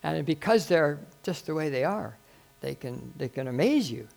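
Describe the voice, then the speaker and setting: A man's voice: fairly high pitch, lively intonation, normal speed, creaky, a little mellow, faint music behind. An older man preaching a sermon as pastor, folksy and rambling, with self-deprecating humor.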